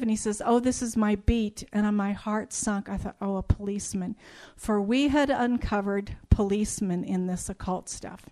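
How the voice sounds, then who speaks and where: Middle-aged woman, slightly high voice, emphatic storyteller giving testimony, acts out dialogue. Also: a little mellow. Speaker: speaker telling a personal testimony. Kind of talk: spoken testimony to an audience.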